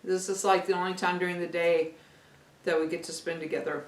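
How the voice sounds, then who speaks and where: A woman's voice: lowish voice, level tone, a little fast, slight background noise, poor audio. An older woman from Missouri chatting casually to her camera at home, homely and friendly with her viewers. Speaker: vlogger. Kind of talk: casual vlog chat to camera. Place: home kitchen. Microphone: handheld camera.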